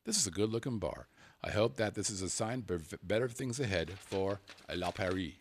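A man hosting a casual show, chatting and reading viewer emails aloud with lively delivery. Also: fairly low pitch, brisk. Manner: animated, jumps into mock-angry voices when reading. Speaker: show host.

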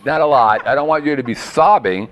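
A man's voice: mid-range voice, fairly quick, fairly bright tone. A man hosting a podcast, telling jokey stories in casual banter and often laughing.

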